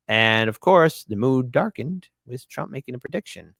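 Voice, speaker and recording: A man's voice: medium pitch, lively intonation, normal speed, gravelly, fairly bright tone, no room sound. Sarcastic male commentary host, dry mic. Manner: sarcastic, repeats phrases for emphasis. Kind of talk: casual opinion commentary.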